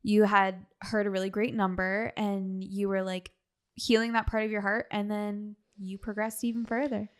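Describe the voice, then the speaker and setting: Woman, casual chat, supportive, middle pitch, quick affirming replies. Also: little pitch movement, clear, resonant tone. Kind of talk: casual conversational interview.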